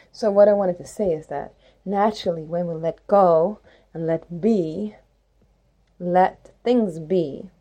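Woman musing on spirituality, rambly and reflective, lowish mellow voice. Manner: rambling, reflective, many "like"s, playful rhymes. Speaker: spiritual podcast host. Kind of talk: reflective spoken monologue.

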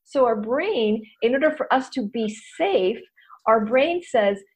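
Animated woman coaching in a chat. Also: a little high, unhurried. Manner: animated, acts out inner voices. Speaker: host, coach. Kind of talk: casual interview chat, teaching.

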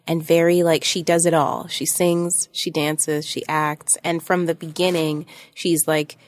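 A young woman in casual podcast chat, talking fast with many restarts and frequent laughs. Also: deep voice, flat delivery, no echo, clean studio sound. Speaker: podcast co-host.

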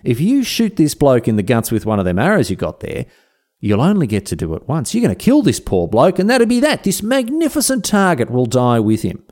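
A man's voice: mid-range voice, wildly swooping pitch, a little fast, a little mellow. A man doing a fawning, persuasive royal attendant. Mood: flattering. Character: smooth-talking, flattering male royal attendant.

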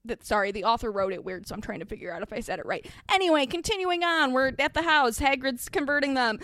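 A woman hosting a podcast, giving a mock-dramatic comedic reading with wry, deadpan asides. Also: high-pitched, quick pace, no room sound, studio quality. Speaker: podcast host reading aloud.

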